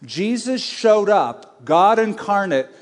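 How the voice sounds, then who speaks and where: Guy preaching, kinda high voice, goes loud then real quiet, big echoey hall. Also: very animated, takes it slowly. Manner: emphatic, conversational, swings between loud and hushed. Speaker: pastor. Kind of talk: sermon. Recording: long reverb of a large hall.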